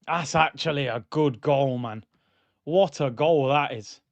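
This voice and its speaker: A man hosting a live football watchalong, ranting and bantering and shouting when goals go in. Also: mid-range voice, unhurried, no echo, dull audio. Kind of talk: live match watchalong commentary.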